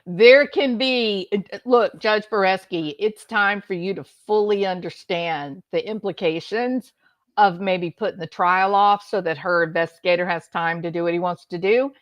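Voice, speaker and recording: A woman's voice: mid-range voice, moderate pace, dry recording. A woman host giving mocking, sarcastic commentary on a court hearing.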